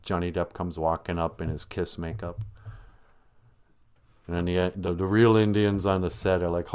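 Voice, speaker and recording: A man's low, clear, resonant voice is flat in delivery and a little mellow, moving at a moderate pace with long pauses. As a livestream host, he makes up a rambling, jokey story on the spot and uses silly character voices, a casual comedic storytelling.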